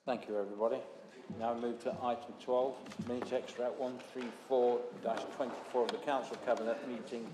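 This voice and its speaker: Hoarse guy chairing a council meeting, formal announcements, big echoey chamber with background noise. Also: mid-range voice, level tone, brisk. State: losing his voice.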